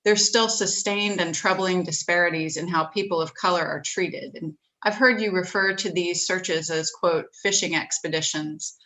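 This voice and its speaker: A woman hosting an interview, asking measured, direct questions. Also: lowish voice, steady tone, pushed and bright, rough recording. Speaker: interview host.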